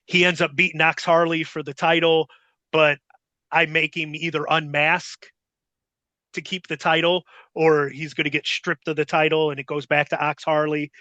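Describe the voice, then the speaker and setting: Middle-aged guy swearing his way thru a rambling story, high bright voice, dry close sound. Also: normal speed, dry recording. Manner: profane, rambling, animated retelling. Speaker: guest. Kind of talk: casual storytelling chat.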